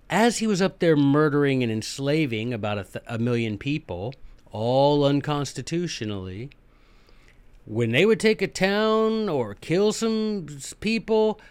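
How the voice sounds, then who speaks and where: A man's voice: fairly high pitch, a little mellow, no room sound. A man, hosting a history podcast in a casual, folksy, joking lecture style.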